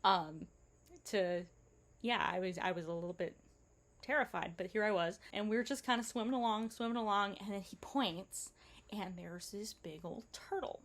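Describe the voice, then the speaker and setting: A woman's voice: medium pitch, moderate pace. Chatty woman telling a travel story. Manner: chatty, animated retelling with quoted dialogue and laughs. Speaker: travel vlogger.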